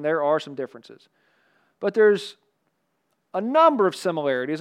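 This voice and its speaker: A man pastor preaching a sermon in an animated, conversational way with humorous asides. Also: high-pitched.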